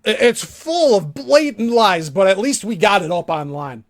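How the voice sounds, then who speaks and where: A man's voice: high-pitched, lively intonation, normal speed. A man hosting a live stream, commenting on a clip in a crude, mocking, profane way. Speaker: show host.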